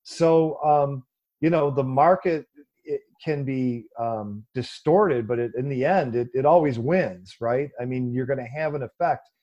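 Mellow-voiced man explaining in an interview. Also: a little slow, highs cut off. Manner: animated, mocking quoted voices with a raised pitch, many fillers. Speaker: guest explaining economics. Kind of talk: conversational interview answer.

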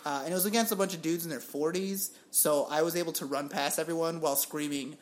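A man's voice: on the high side, fast talker. A young man from Puerto Rico co-hosting a casual sports podcast, telling stories with lots of laughs and casual swearing. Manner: animated storyteller, laughs often, swears casually. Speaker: podcast co-host.

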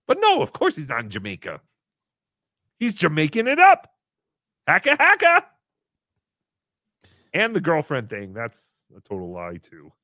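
A man's voice: a little high, wildly swooping pitch, moderate pace, a bit bright, no room sound, studio quality. A man hosting a comedy podcast, rambling in a goofy, joking way. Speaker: podcast host.

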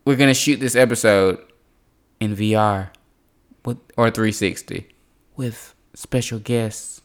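A man's voice: fairly low pitch, slow. A young man hosting a podcast in casual, rambling chat, laughing often. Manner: loose, rambling, laughs a lot. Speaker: podcast host.

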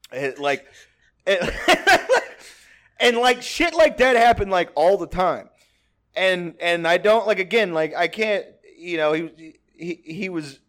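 Man from Texas, podcast host, high voice, casual storytelling, rambling, profane, laughs a lot. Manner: rambling, profane, laughs often, many restarts.

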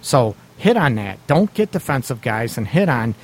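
A man's voice: medium pitch, very animated, normal speed. A man hosting a radio advice show, talking bluntly and casually, swearing lightly, laughing often and acting out quoted lines. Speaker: radio show host giving relationship advice.

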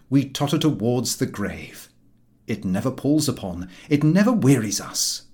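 A man reading a humorous novel aloud as an audiobook, with a wry and expressive delivery. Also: medium pitch, a little slow. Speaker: audiobook reader.

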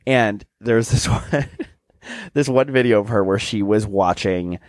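A young man co-hosting a podcast in casual chat, animated and quick to mimic other people in high voices. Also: dry recording. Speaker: podcast co-host.

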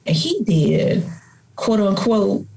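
A middle-aged woman with a Chicago accent, a writer and radio host, chatting as a podcast guest and telling stories in a lively, colloquial way. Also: mid-range voice, takes it slowly, vocal fry, poor audio. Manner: animated storyteller, colloquial. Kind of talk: casual interview conversation.

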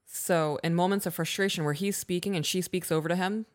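Female podcast co-host, direct, slightly low voice, reads listener mail. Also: fairly even intonation, brisk. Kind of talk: casual advice chat.

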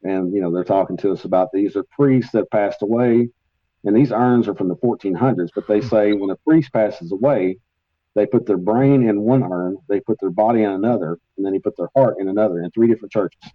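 A man with a lowish voice rambles through travel stories, full of fillers and asides. His voice has a dull, lo-fi sound and is recorded dry and close. He talks like a casual guest on a podcast about the paranormal. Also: fairly quick, no room sound. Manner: rambling, animated storyteller with many fillers. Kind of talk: casual storytelling in a podcast interview.

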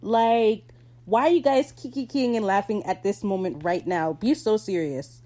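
A woman hosting a podcast, recapping a TV episode in casual chat, animated and slangy, often laughing mid-sentence. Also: medium pitch, moderate pace. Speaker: podcast host.

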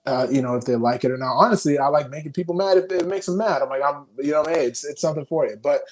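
A young man and video creator talking casually in an interview over a video call, telling frantic, animated stories full of swearing. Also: on the high side, fast talker.

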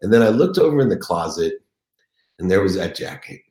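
A man's voice: deep voice, sing-song, a little fast, a little mellow. A middle-aged man telling his own story as a motivational speaker, earnest and emotional. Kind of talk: confessional motivational speech. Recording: echoey room.

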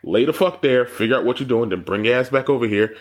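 A man co-hosting a podcast in casual chat, telling stories with lots of profanity and jumping high when he mocks people. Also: fast. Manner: animated storytelling, profane, jumps high when mocking. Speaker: podcast co-host.

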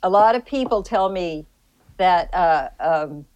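A woman's voice: lowish voice, animated, takes it slowly, a little mellow, highs cut off. A woman with a Southern US accent, a podcast guest chatting casually with teasing, sarcastic humor. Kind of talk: casual chat.

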